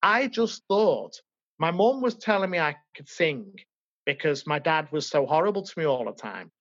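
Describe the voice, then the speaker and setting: A Liverpool man with a fairly high voice tells his life story as an interview guest, sounding earnest, emotional and reflective. The recording is dull, lo-fi and dry, with no room sound.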